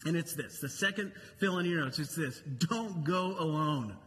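A man's voice: on the high side, moderate pace, a bit bright, slight background noise. Man, pastor, sermon, conversational preaching, repeats phrases for emphasis, long church-hall reverb, faint background ambience.

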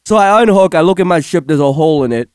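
A man with a high, bouncing voice tells a long story in a casual chat. He swears freely and keeps breaking into laughter. The sound is dry and close. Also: animated, quick pace, a little mellow, clean tone, no echo. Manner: profane, laughs through his story. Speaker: storyteller recounting a game session.

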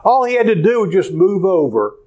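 A pastor preaching a sermon, telling a story in an animated way with frequent hesitations. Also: male voice, sits high, brisk, slight background noise, poor audio.

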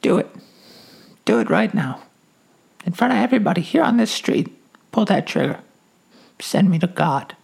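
A man plays a woman who has no fear at all, and she speaks slowly with a defiant edge. Her voice is gravelly and husky, and it rises and falls widely. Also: high-pitched, animated, darkish tone, voice pushed up, full character voice. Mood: fierce. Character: fearless resolute woman at a bus stop. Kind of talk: comedy podcast bit.

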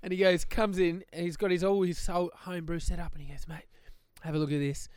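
A man's voice: sits high, level tone, brisk, darkish tone, clean tone, no echo, clean studio sound. A young adult man telling a story on a podcast, laughing often and acting out the voices he quotes. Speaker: podcast co-host. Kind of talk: casual storytelling chat.

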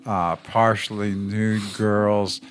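Co-host, man with a lowish voice, halting casual talk, faint music behind. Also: level tone. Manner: hesitant, many uh fillers between phrases. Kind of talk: casual chat.

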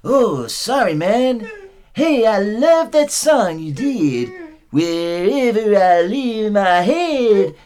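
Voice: mid-range voice, sing-song, takes it slowly, darkish tone. A performer impersonating an older male folk-rock singer in a comedy sketch, with a nasal, slurred drawl, calling everyone "man". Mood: rambling.

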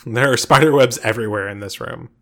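A man narrating as game master of a tabletop game, relaxed and filling pauses with uh and um. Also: on the low side, gravelly. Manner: relaxed, frequent uh and um fillers.

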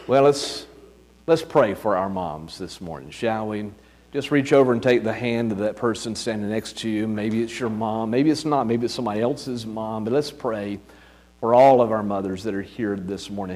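A man preaching as a pastor to a church congregation, leading prayer in a measured way with frequent pauses. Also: on the low side, a little mellow, in a large hall. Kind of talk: sermon and prayer.

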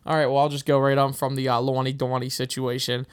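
A man's voice: medium pitch, flat delivery, fast talker. A young man from Pittsburgh with a slight local accent, co-hosting a casual chat and telling stories with frequent laughs. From Pittsburgh, USA. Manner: chatty storyteller, laughs often. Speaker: podcast co-host.

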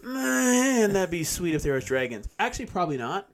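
Lively, slangy young man. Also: high voice, moderate pace. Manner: loose, slangy, animated, laughs often. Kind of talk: casual chat.

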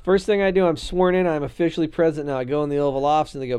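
Thirties guy cohosting a podcast, goofy rambling chat, slightly high voice. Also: steady tone, racing, hardly any pauses, a little mellow, clean tone. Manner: jokey, rambling, acts out silly scenarios. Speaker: podcast co-host. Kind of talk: casual political chat.

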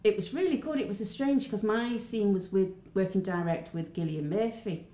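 A woman's voice: mid-range voice, moderate pace. An actress, chatting as an interview guest and acting out the dialogue as she tells her stories. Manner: animated storyteller, acts out dialogue. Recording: echoey room with faint ambience.

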